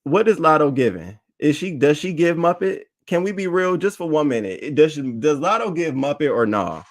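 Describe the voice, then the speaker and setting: A man giving casual, slangy news commentary to his chat, animated and reading tweets aloud. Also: a little high, normal speed. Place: home setup, talking to chat.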